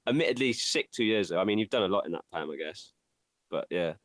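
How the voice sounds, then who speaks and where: A man's voice: low voice, lively intonation, fast, fairly bright tone, no echo. A man hosting a casual livestream chat, laid-back and swearing freely in banter. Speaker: host.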